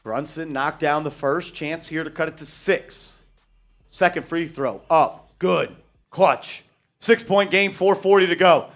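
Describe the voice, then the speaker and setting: A man hosting a fan live stream, calling play-by-play and getting loud and profane when his team messes up. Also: fairly high pitch, unhurried. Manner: excitable, shouts and swears at bad plays.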